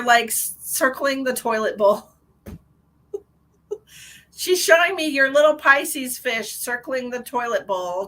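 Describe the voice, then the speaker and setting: A woman giving a live-streamed psychic reading in a chatty, animated way, with many restarts and a lot of "like". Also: on the high side, rough recording. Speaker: psychic medium.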